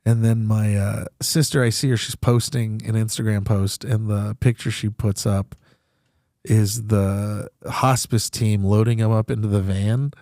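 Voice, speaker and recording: A man's voice: on the low side, flat delivery, unhurried, mellow, no room sound, studio quality. A young man, a comedian and podcast host, talking candidly and profanely about grief, rambling and laughing through it. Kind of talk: candid casual talk.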